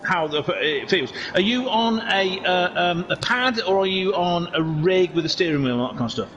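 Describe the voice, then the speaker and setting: A man's voice: high voice, expressive, moderate pace, lo-fi sound, a crowd in the background. A man hosting a racing league stream, chatting casually and restarting his sentences as he interviews people. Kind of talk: casual livestream chat.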